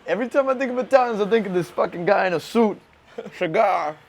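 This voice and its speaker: A man's voice: high voice, quick pace. An American man hosting a podcast, chatting casually, telling stories loosely and cursing often. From United States. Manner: swears a lot, loose and animated storytelling. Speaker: podcast host. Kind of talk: casual chat.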